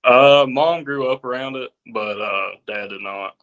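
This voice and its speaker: A man's voice: medium pitch, measured pace, fairly bright tone. A nineteen-year-old man with a Southern American accent from Virginia, a farmhand giving brief, plain-spoken interview answers. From Virginia, USA. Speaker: podcast guest, farmhand.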